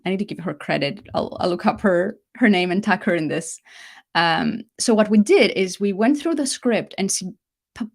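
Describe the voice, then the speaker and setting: Chatty woman hosting a live masterclass. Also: medium pitch. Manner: chatty, self-correcting, lively emphasis. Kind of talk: casual live talk.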